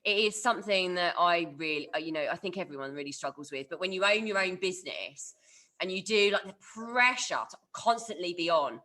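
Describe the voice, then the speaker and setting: A woman's voice: fairly low pitch, expressive, fairly quick, bright, forceful tone. A woman co-hosting with a Kent accent, talking casually with many fillers as she thinks aloud. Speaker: podcast co-host. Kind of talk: casual chat.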